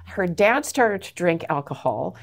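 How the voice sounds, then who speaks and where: A middle-aged Canadian woman, an anti-trafficking advocate appearing as an interview guest, tells her story with passion and emphasis, speaking earnestly about her work. Her voice is low, gravelly, and sing-song, and she speaks a little slowly.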